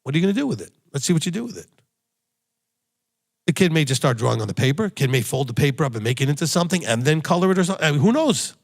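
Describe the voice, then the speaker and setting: A man's voice: a little high, sing-song, racing. A man, a rabbi, giving a sermon with blunt, emphatic exhortation and repeated key phrases. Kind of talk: recorded sermon teaching.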